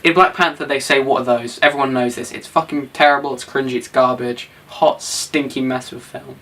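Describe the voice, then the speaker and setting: A man's voice: medium pitch, fairly even intonation, fairly quick, pushed and bright. A young man co-hosting a casual film review, mostly agreeing with short replies and a bit sweary. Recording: voice from a distance.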